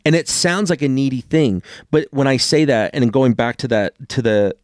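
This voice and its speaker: A man's voice: mid-range voice, moderate pace, a little mellow, no room sound, studio quality. A man in his forties, a co-host in casual chat, talking bluntly and swearing freely.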